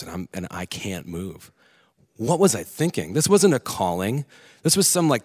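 Low-voiced guy telling a personal story on stage, earnest, stops and restarts a bit. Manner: earnest, candid, with halting restarts. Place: theater stage.

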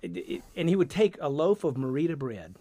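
Southern man from Georgia, radio guest, talks in looping animated stories with lots of restarts; close, dry studio sound. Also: fairly high pitch, fairly quick, no echo. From Georgia, USA. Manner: rambling, animated storyteller with many restarts. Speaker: guest, sound effects artist. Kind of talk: radio interview conversation.

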